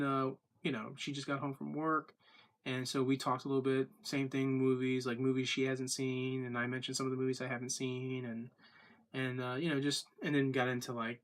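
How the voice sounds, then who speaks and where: A man's voice: medium pitch, fairly bright tone. A man talking casually to camera in a daily video diary, rambling with lots of fillers and restarts. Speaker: vlogger.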